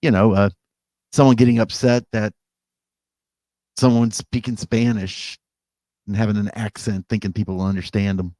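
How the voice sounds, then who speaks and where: A man's voice: on the low side, steady tone, normal speed, long pauses, mellow, no room sound, studio quality. A man co-hosting a podcast in casual chat, rambling and correcting himself as he goes, laughing at himself. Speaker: podcast co-host.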